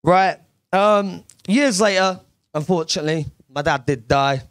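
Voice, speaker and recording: A man's voice: high-pitched, measured pace, a bit bright, no echo. A young man doing a brash, sweary stand-up comedy set on a club stage.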